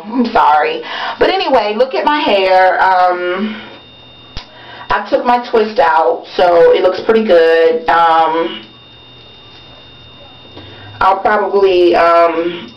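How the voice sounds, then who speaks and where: A woman vlogger chatting casually and venting while taking out her twists, talking with frequent ums. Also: on the low side. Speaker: beauty vlogger. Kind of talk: casual chat while doing her hair. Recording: dull lo-fi webcam audio.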